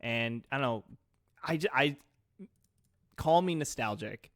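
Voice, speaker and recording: A young man with a middle-pitched voice co-hosts a gaming podcast, recorded close and dry with almost no room sound. He keeps an easygoing, joking tone and often trips over the first word of a sentence before settling in. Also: expressive, measured pace, fairly bright tone, dry recording. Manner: laid-back and joking, stammers on starts. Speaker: podcast co-host. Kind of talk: casual esports podcast chat.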